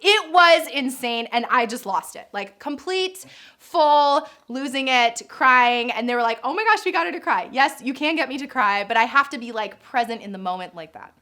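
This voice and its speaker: A woman's voice: fairly high pitch, normal speed, pushed and bright. A woman in her thirties, a birth coach and nurse, chatting through viewer questions in a casual vlog, gushing and laughing often.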